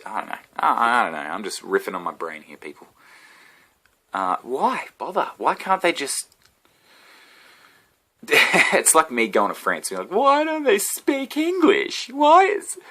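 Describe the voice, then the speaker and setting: Deep-voiced rambling Australian comedian. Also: male voice, pushed and bright. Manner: meandering, swearing, self-interrupting. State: sick throat. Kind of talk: rambling solo vlog rant.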